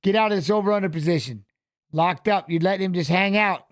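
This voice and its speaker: Quick-paced and high-voiced, a man hosts a watch-along of a fight, giving casual, animated live commentary. He coaches the fighters out loud and repeats phrases, recorded in clean studio sound with no echo.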